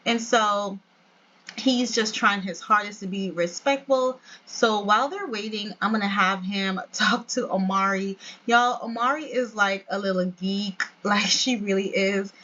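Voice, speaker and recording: A woman's voice: medium pitch, measured pace, bright, forceful tone, dull audio. Chatty woman narrating a game. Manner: chatty, keeps addressing viewers as "y'all". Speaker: let's play narrator. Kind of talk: casual gameplay narration.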